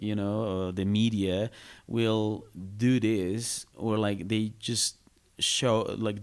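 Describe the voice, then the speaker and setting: A man's voice: on the low side, clear, resonant tone. A man, a comedian guest on a podcast, talking casually and searching for his words with many restarts. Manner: laughs easily between points.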